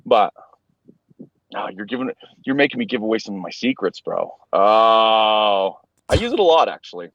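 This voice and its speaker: A man co-hosting a podcast, talking in a loose, laughing, casual way and calling his co-host bro. His pitch swings about in a lively way. The sound is dry and a little dull, as if recorded over a video call. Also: moderate pace, vocal fry, dry recording. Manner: laid-back, laughs often, says bro a lot. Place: inside a car.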